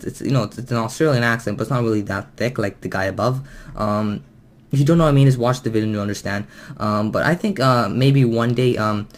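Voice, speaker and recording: Male vlogger, casual commentary to camera, halting and rambling delivery with frequent fillers and restarts. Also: fairly low pitch. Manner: hesitant and rambling, full of ums and restarts.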